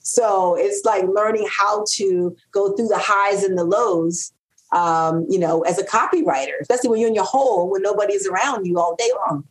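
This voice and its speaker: A middle-aged woman whose first language is not English, speaking as a guest copywriter in a casual interview, animated and repeating phrases for emphasis. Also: mid-range voice, normal speed, low-quality recording.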